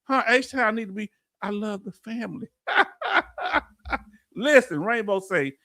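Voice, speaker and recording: A middle-aged man with a Southern US accent hosting a livestream, reading viewer comments in a folksy, preacher-like, animated way. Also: high voice, moderate pace, dry recording, studio quality. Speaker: veterans benefits channel host.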